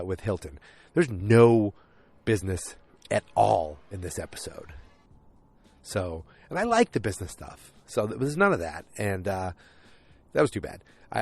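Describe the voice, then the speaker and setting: A man with a somewhat low-pitched voice hosts a solo podcast, recapping a TV episode in a loose, chatty way. He keeps breaking into short acted-out voices for the characters he describes. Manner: animated retelling, acts out characters' lines in quick put-on voices. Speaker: podcast host.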